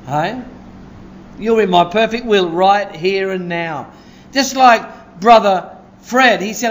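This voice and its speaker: A man preaching a sermon in a church, excitable and conversational, often asking "Hey?" and laughing. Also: high-pitched, slow pace. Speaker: pastor.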